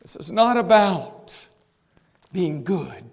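High voiced preacher man, fiery sermon, loud then hushed, lots of hall echo. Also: expressive, unhurried. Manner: impassioned, swinging from shouts to hushed tones. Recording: long church-hall reverb.

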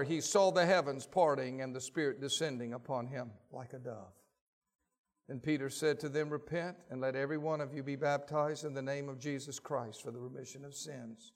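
A man preaching a sermon, reading scripture aloud and telling stories with voiced quotes. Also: mid-range voice. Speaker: pastor.

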